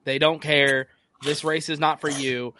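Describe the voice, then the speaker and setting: A man's voice: fairly high pitch, little pitch movement, a little slow, bright, forceful tone. A man co-hosting a podcast, talking in a blunt, ranting, casual way and swearing often. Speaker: podcast co-host. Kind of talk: casual profane chat.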